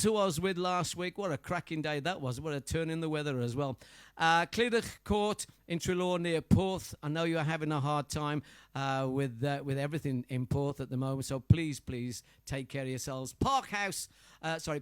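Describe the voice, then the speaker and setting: A Welsh man giving friendly shout-outs in a casual, rambling way, full of fillers, as a singer greeting his listeners. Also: on the high side, smooth, dry recording. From Wales. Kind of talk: casual live-stream chat.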